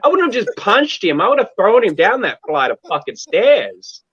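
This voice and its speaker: A man's voice: sits high, sing-song, normal speed, fairly bright tone, breathy edge, no room sound. A man in a casual livestream chat who swears freely and laughs as he rants. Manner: profane, laughing, rowdy. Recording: dull, dry lo-fi mic.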